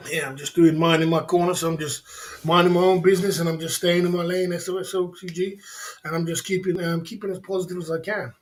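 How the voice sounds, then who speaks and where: A man's voice: sits high, flat delivery, fast. A man hosting a casual livestream, rambling, repeating his phrases and reading out chat comments. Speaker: livestream host.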